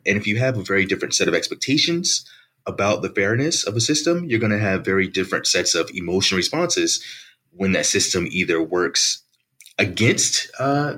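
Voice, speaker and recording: A man, an author and political science professor, giving measured, articulate answers in an interview. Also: sits low, pushed and bright.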